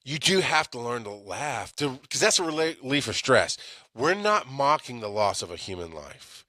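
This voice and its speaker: A man's voice: mid-range voice, big pitch swings, moderate pace, bright, forceful tone, dry recording, studio quality. A man hosting an EMS show, telling a story in a rambling, casual way with many restarts. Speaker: EMS podcast host.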